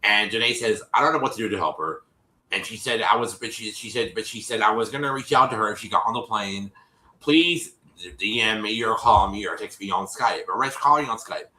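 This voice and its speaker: A man's voice: lowish voice, fairly quick, pushed and bright, roomy sound, rough recording. A man co-hosting a casual livestream, retelling a TV episode in a rambling way and acting out the quotes. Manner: rambling, restarts often, acts out quotes. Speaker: co-host recapping a TV episode.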